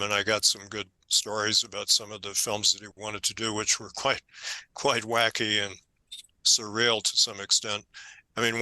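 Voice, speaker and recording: An older man, an author being interviewed, telling stories in a conversational, animated way and growing emphatic when indignant. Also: on the low side, no room sound, low-quality recording. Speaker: author guest.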